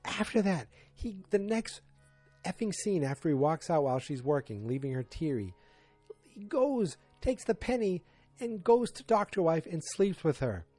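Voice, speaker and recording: Mellow-voiced man rambling through a recap. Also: a little high, very animated, moderate pace, dry recording, soft background music. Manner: rambling, many fillers and restarts, exasperated asides. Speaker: podcast host. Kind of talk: casual solo episode recap.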